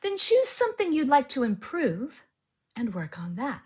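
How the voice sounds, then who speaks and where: A woman giving a calm spoken lesson on narration technique and demonstrating exercises aloud. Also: high-pitched, moderate pace. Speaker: author teaching audiobook narration.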